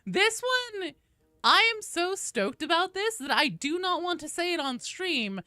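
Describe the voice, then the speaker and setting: A woman game streamer chatting casually and excitedly on a live stream, greeting viewers by name as she plays. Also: extremely high pitch, moderate pace, no room sound.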